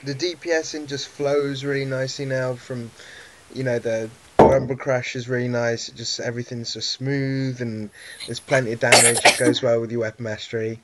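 A man co-hosting a casual gaming podcast, teasing the others and letting his sentences trail off quietly. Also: medium pitch, flat delivery, normal speed, very noisy. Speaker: podcast co-host.

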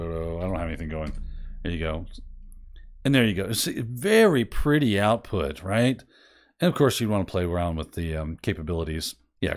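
Rambling man demoing software aloud. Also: on the low side. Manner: rambling, self-deprecating, thinking aloud. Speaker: host. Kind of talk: casual screen-share software demo.

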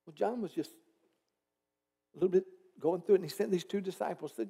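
A man's voice: on the high side, animated, moderate pace, dark tone. A man pastor preaching a conversational sermon in church, asking the congregation rhetorical questions and dropping teasing asides.

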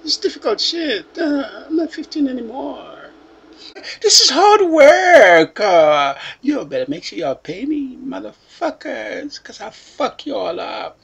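A woman's voice: a little high, very animated, measured pace, creaky, few pauses, slightly rough, heavily acted. A woman voicing a whiny, foul-mouthed woman testifying before lawmakers, in a put-on baby voice that whimpers and turns crude. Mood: crude, threatening. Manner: whimpering and teary, then crude and threatening. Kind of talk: mocking parody monologue.

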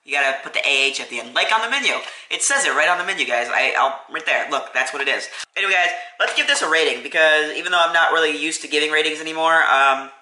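A man's voice: on the high side, fast talker, few pauses, bright, forceful tone, reverberant, rough recording. A man reviewing a sandwich in a casual food vlog at a restaurant, chatty and enthusiastic with lots of fillers, filmed on a phone camera. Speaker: food vlogger. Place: restaurant, indoors. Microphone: phone camera, no tripod.

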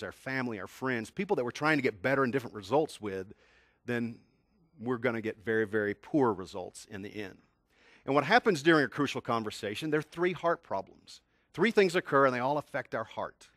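Fifties guy from tennessee giving a motivational talk, lively storyteller, dry close sound. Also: medium pitch, no room sound. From Tennessee, USA. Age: 50s. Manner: animated storyteller, asks the audience questions. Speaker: communication skills speaker.

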